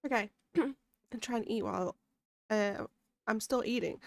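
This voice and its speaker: A woman's voice: on the high side, unhurried, vocal fry, no echo. Chatty woman streaming a game. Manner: chatty, musing aloud while eating. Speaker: gaming streamer. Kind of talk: casual gameplay chat.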